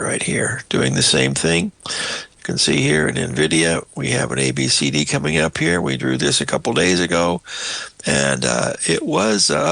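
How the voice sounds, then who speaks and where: An older male market-show host with a medium-pitched, gravelly, husky voice and a sharp tone, captured without echo. He rambles folksily through live chart analysis, addressing viewers as "folks," his voice sounding slightly choked up.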